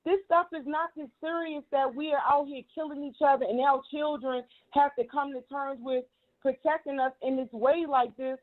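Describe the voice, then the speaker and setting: A woman's voice: sits high, fairly even intonation, normal speed. A woman giving heated, emphatic commentary, repeating herself and cursing freely. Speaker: guest commentator. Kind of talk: casual commentary. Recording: tinny phone line.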